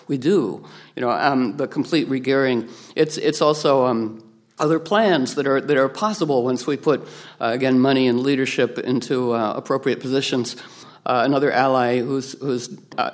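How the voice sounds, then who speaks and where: A man giving a rambling spiritual talk, animated, acting out quotes from others with playful voices and frequent restarts. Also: mid-range voice.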